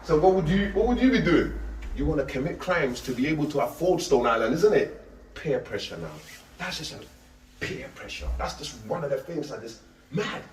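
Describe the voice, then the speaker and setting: A middle-aged man giving an animated, slangy street talk, repeating himself and firing questions at his listeners. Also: a little high, moderate pace, a little hiss or hum. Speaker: street preacher. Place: outdoors on a street. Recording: echoey street audio from a distance.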